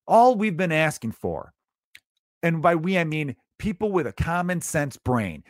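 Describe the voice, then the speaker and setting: A man's voice: fairly high pitch, dry recording, clean studio sound. A male comedian hosting a podcast, ranting in a profane, sarcastic, exasperated monologue.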